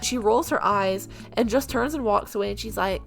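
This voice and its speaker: Young woman with a gravelly edge, chatty storytime over game footage, soft music behind. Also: medium pitch, normal speed. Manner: chatty, with many "like"s and acted-out quotes. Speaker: gaming vlogger telling work stories. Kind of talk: casual storytime over gameplay.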